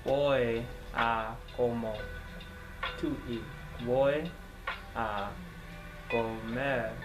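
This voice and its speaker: A woman's voice: extremely low pitch, fairly even intonation, extremely slow, over music. A woman as a language student, answering tentatively and repeating words after her teacher. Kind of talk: guided language lesson.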